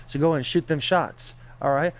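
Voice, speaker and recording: A man co-hosting a podcast, delivering loud, joking, rambling banter and promos. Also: fairly high pitch, fairly even intonation, normal speed. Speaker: podcast co-host.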